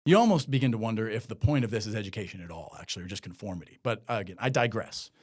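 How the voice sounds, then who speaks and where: Male host of a solo commentary show; conversational and sarcastic, with an animated, swinging delivery. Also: fairly low pitch, rapid-fire. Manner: sarcastic, conversational, heavy with "like" fillers. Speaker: podcast host.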